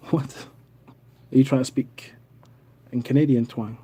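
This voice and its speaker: A man's voice: mid-range voice, fairly even intonation, a little slow, pauses often, dark tone, slightly rough. A Scottish man in his thirties, hosting a casual live stream from home and chatting as he reads out viewer comments. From Scotland. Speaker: livestream host. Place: home in Canada.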